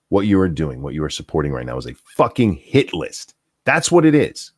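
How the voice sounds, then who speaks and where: A man tearing into a furious, profane rant, his pitch swinging wide from low growls to sharp peaks. The sound is close and dry, with no room around it. He mocks and jeers as he goes. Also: huge pitch swings, brisk, husky, no echo. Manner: profane, heated, mocking outbursts. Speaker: host. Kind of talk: angry political rant.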